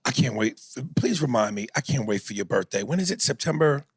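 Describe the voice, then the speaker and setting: A man co-hosting a podcast in casual, profane chat, swinging into loud indignant rants. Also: mid-range voice, animated, fast talker, slightly rough, no echo, clean studio sound. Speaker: podcast co-host.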